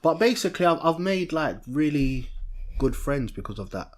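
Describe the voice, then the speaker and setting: A young man, co-hosting a podcast in a lively, chatty way, often restarting mid-sentence. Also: a little high, moderate pace. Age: young adult. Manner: animated, chatty, self-interrupting. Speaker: podcast co-host. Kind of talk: casual chat.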